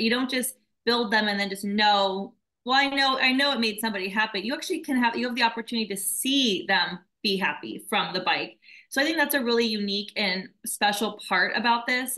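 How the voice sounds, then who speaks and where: A woman's voice: mid-range voice, rough recording. A woman founder of a nonprofit, talking earnestly and emotionally in a casual interview. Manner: earnest, emotional, warm storytelling.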